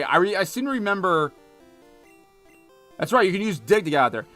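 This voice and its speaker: A man's voice: high voice, sing-song, fairly quick, bright, forceful tone, faint music behind. A young man with a Philadelphia accent, chatting casually with viewers while playing a game, rambling with lots of fillers and restarts. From Philadelphia area, United States. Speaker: gaming streamer. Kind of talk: casual live-stream chat while playing.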